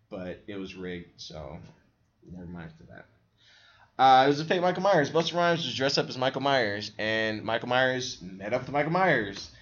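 Guy ranting on a podcast, bright voice, pitch all over the place, kinda muffled lo-fi sound. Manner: incredulous, animated, swears a lot. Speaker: podcast host reviewing a film. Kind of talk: casual rant.

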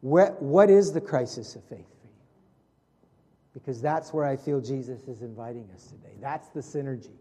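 A man preaching a conversational sermon as pastor, asking his congregation questions and dropping softer for prayerful moments. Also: mid-range voice, moderate pace. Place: church hall with congregation. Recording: long hall reverb.

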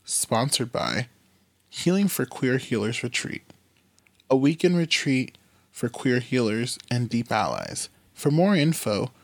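A man's voice: mid-range voice, no room sound. Man reading podcast credits, dry close sound. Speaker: podcast host. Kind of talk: read credits and sponsor message.

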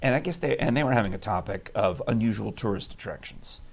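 A man hosting a live studio talk show in a chatty, animated, teasing way. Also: fairly low pitch, fast talker, creaky. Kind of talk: casual live-stream chat.

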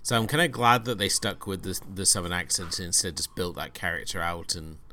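A man's voice: low-pitched, a little fast, pushed and bright, slight background noise. A man co-hosting a film podcast, talking through plot points with many ums and uhs. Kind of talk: casual film discussion.

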